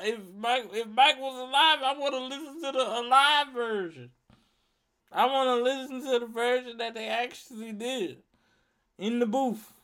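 A man's voice: high voice, bright, forceful tone. A man giving a casual rant to his viewers, emphatic and profane, repeating himself for effect. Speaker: vlogger.

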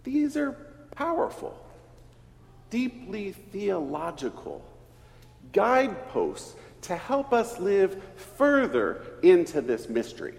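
A middle-aged East Texas pastor preaches a storytelling sermon in a church, his gravelly voice swinging hugely in pitch and volume. He takes it slow, spinning the story out. The church hall is reverberant.

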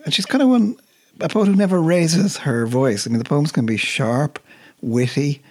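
A man, co-hosting a book show in a thoughtful, measured way with some hesitant restarts. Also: a little high, expressive, darkish tone. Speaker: co-host of a books show. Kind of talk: relaxed literary radio chat.

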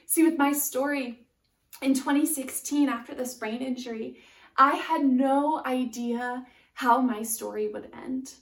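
Woman, preacher, high voice, slow measured sermon, echoey distant sound. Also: steady tone, creaky. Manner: slow, deliberate preaching with emphatic pauses.

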